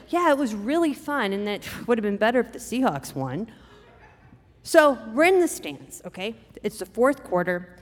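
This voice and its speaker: Middle-aged woman telling a story on stage, bouncy lively voice, big hall reverb. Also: on the high side, moderate pace. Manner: animated, expressive, acts out quotes. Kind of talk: live personal storytelling.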